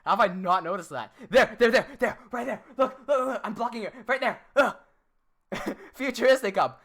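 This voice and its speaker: A woman's voice: a little high, moderate pace. A woman hosting a livestream, ranting in a heated, profane way with frequent laughter, a little tipsy from drinking. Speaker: livestream host and animator. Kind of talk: livestream rant.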